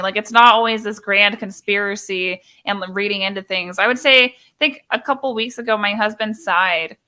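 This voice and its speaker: A woman's voice: mid-range voice, normal speed, few pauses, pushed and bright. A young woman hosting a casual live stream chat, talking in an emphatic, opinionated way and acting out little quoted exchanges.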